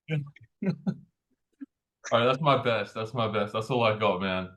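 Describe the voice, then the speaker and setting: A man's voice: lowish voice, lively intonation, slow pace, a bit bright. A man with an Australian accent co-hosting a podcast, upbeat and laughing often. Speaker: podcast co-host. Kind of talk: casual podcast chat.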